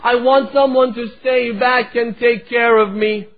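A man's voice: extremely high pitch, steady tone, measured pace, pitched above the performer's own voice. A man voicing a sick little girl who tearfully pleads with her father not to leave her. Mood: pleading. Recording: tinny phone-like recording.

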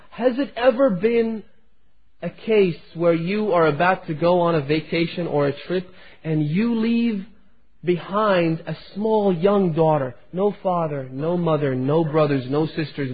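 A man delivers an emotive sermon, retelling a story to his congregation. His voice is fairly high and husky. The sound is thin and phone-like. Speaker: preacher. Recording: tinny phone-like recording.

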